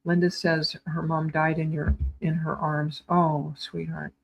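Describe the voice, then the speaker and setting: A woman giving live psychic readings, speaking in a tender, soothing way with gentle repetitions and small stumbles, calling viewers sweetheart. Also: low-pitched, little pitch movement, measured pace, gravelly, a little hiss or hum. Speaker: psychic medium.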